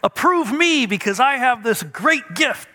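Man putting on a high squealing little boy, boastful, excited, echoing reverb. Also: unhurried, heavily acted.

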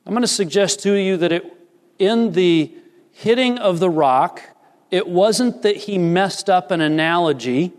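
A man's voice: high-pitched, unhurried, in a large hall. A man preaching a sermon, reading scripture and explaining it with earnest emphasis. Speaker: pastor.

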